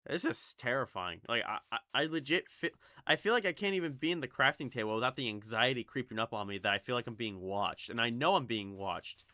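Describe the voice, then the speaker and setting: Lively chatty young man gaming. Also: medium pitch, fairly quick, hardly any pauses, no room sound. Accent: slight Southern US (Kentucky). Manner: rambling, swearing, jumpy, chatty. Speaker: gaming YouTuber. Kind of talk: casual gameplay commentary.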